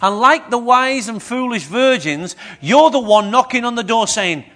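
High-voiced preacher. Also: male voice, normal speed. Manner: lively, questions the congregation. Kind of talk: sermon.

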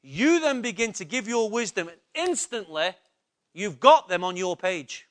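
High-voiced preacher man. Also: sing-song, unhurried, fairly bright tone. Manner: emphatic, repetitive, asks the congregation questions. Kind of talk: sermon. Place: church.

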